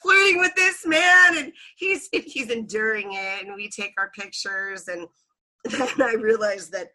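A woman guest on a casual podcast, telling a story in an animated way, laughing often and acting out quotes. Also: mid-range voice, a little slow.

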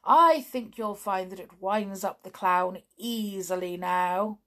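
A woman's voice: mid-range voice, takes it slowly, a bit bright. A woman voicing a bold, hearty male wooden soldier captain in a children's story.

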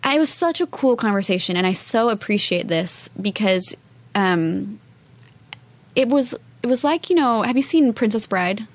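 Animated young woman telling a story. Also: mid-range voice, normal speed. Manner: animated storytelling, acts out quoted voices. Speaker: musician guest. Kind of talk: casual chat.

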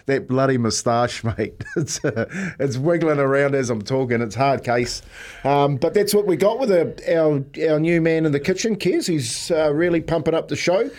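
A man's voice: a little high, expressive, moderate pace, a little mellow. A man with a New Zealand accent co-hosting a breakfast radio show, rambling and chuckling as he chats casually. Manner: rambling, chuckling, says "mate" often.

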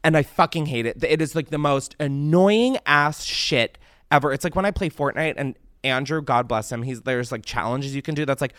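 Young male podcast host, slightly high voice, dry close sound, swears and rants, casual chat. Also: moderate pace, smooth, dry recording. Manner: animated, profane, rants with rising exasperation.

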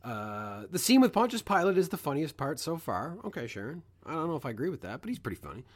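A man co-hosting a casual podcast chat, reading out listener comments with lively asides and the odd swear. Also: on the high side, fast. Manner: animated, swears, reads comments aloud with asides.

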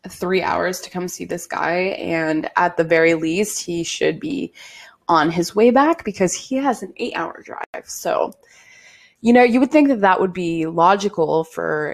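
A young woman in her twenties hosting a podcast, telling a personal story in a candid, animated way and swearing freely. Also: fairly low pitch. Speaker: podcast host. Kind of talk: casual storytime monologue.

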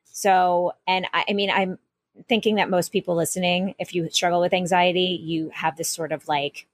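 A woman's voice: on the low side, steady tone, normal speed, no echo. A woman co-hosting a casual podcast, telling a rambling story with many restarts and asides. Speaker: podcast co-host.

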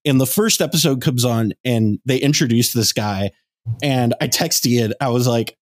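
A young man hosting a casual podcast, joking and swearing through quick asides. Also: mid-range voice. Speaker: podcast host. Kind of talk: casual chat.

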